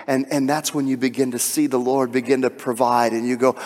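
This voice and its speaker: A man's voice: medium pitch, steady tone, brisk, few pauses, long reverb tail. A male pastor preaching a sermon, acting out the voices in the scripture story as he talks. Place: church sanctuary.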